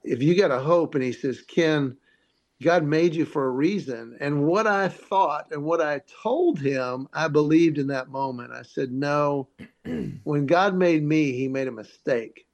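A man's voice: a little high, measured pace. A comedian telling his story in an interview, acting out the voices of the people he quotes. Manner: animated, acts out quoted voices. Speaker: comedian guest.

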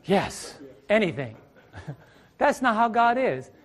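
A man's voice: sits high, expressive, normal speed. A middle-aged male preacher teaching a Bible study sermon on a ministry stage, asking rhetorical questions and repeating his phrases.

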